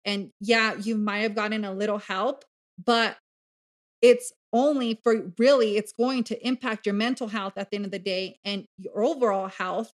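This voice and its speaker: A woman speaking as a podcast guest in candid, casual conversation, animated and blunt, swearing freely. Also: mid-range voice, normal speed. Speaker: podcast guest, bariatric coach.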